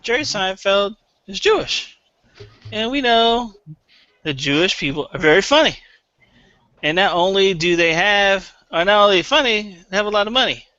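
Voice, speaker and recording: A man's voice: high-pitched, normal speed, sharp tone, clean tone, dry recording. A man on a comedy panel game, giving a mock-serious, argumentative improvised answer. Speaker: panel contestant. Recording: muffled lo-fi recording.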